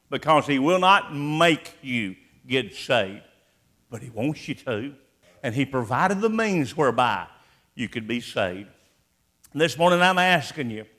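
Pleading preacher man, voice pitched high. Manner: pleading, repeating urgent questions, swings from hushed to loud. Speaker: pastor. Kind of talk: sermon with altar call. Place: church sanctuary.

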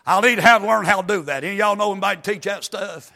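A man preaching a fiery sermon, with a weak, worn voice, swinging from folksy asides into chanted, shouted climaxes. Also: high-pitched, fast, creaky.

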